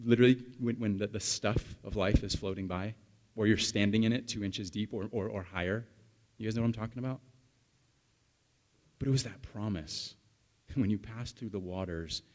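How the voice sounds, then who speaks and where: Male pastor, 30s, lowish voice, relaxed storytelling sermon with asides to the room. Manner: chatty storytelling with the congregation, animated asides. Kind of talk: conversational sermon.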